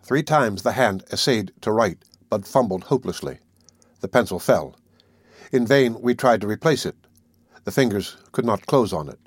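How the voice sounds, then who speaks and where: A man narrating an audiobook in the first person, reading in a measured, dramatic way. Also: lowish voice, lively intonation, slightly rough, dry recording, clean studio sound.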